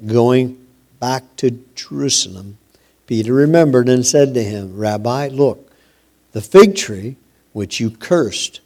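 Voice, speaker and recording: A male preacher delivers a sermon at an unhurried pace. His voice is warm and dark in tone, with emphatic repetition and phrases that trail off quietly. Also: mid-range voice. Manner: slow, emphatic preaching with repeated phrases and dropping voice.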